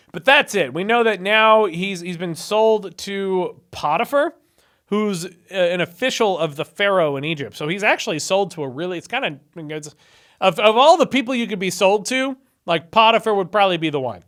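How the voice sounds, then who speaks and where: Chatty, irreverent young man, slightly high voice. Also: lively intonation, moderate pace, a bit bright. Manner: chatty and irreverent, with sarcastic asides. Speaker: video host retelling Bible stories. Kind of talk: casual commentary.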